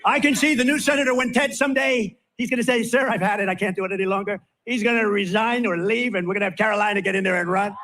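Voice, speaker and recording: A man's voice: sits high, fairly even intonation, quick pace, hardly any pauses, bright, forceful tone, slight background noise. An older man giving a rambling campaign rally speech from a stage, full of repetitive, off-the-cuff asides. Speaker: political candidate at a rally.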